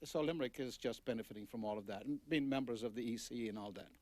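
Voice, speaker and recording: An older man, an author, telling rambling anecdotes at a book talk with many pauses and fillers. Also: mid-range voice, a little mellow, no echo. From Ireland.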